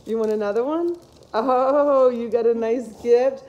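A woman's voice: a little high, measured pace, mellow, muffled recording. A woman hosting a casual family home video at home, coaxing a dog in a sing-song voice. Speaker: host.

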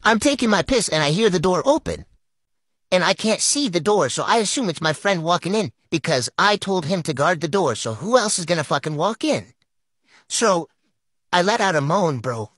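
A man's voice: high voice, big pitch swings, moderate pace, fairly bright tone, no room sound. A man telling a crude storytime in a casual way, swearing constantly and talking straight to the listener.

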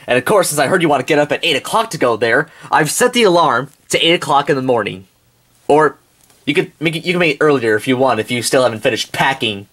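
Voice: medium pitch, lively intonation, quick pace, fairly bright tone. A performer voicing a cheerful, chatty male character in an amateur toy drama. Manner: upbeat, chatty. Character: cheerful friendly gift-giver, male.

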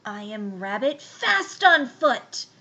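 A woman voicing an eager male rabbit who speaks up loudly and brightly. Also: fairly high pitch, sing-song, slow, highs cut off, full character voice.

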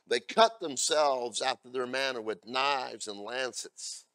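A male pastor delivering a sermon, moving between loud scripture readings and blunt asides to the congregation. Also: medium pitch, sing-song, slow, no echo, clean studio sound. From America. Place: church.

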